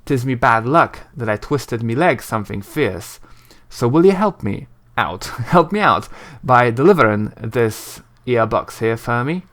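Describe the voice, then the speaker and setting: A man's voice: medium pitch, lively intonation, measured pace, hardly any pauses, fairly bright tone. A man putting on a shifty rustic beggar. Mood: pleading. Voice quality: old-timey rustic speech, "ye" and "me". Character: grimy shifty male beggar with a rustic brogue.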